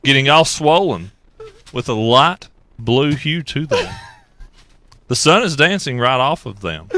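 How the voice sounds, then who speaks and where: A man reading a comedy script in a flat monotone, playing a deadpan man boasting about his plums. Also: mid-range voice, measured pace, dry recording.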